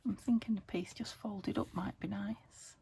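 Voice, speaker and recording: A woman's voice: mid-range voice, fairly even intonation, a little slow, vocal fry, warm tone. A middle-aged woman chatting casually to herself while she works on a craft, often dropping into a whisper. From United Kingdom. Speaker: craft vlogger. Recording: noisy home recording.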